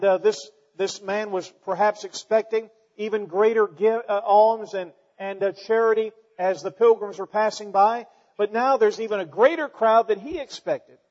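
A male preacher delivering a sermon, telling a scripture story in his own words and building to forceful emphasis. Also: high-pitched, long reverb tail, muffled recording.

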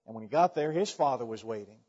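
A man's voice: medium pitch, expressive, quick pace, darkish tone, breathy edge. A male preacher giving a folksy storytelling sermon, often restarting phrases. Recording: dull, echoey hall recording.

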